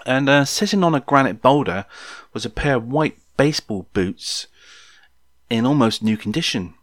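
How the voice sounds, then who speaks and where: A man's voice: mid-range voice, animated, normal speed, a bit bright, no echo, studio quality. A man in his sixties, casually telling a memoir story in a rambling, jokey way, with many ums and asides to the listener. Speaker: podcast storyteller.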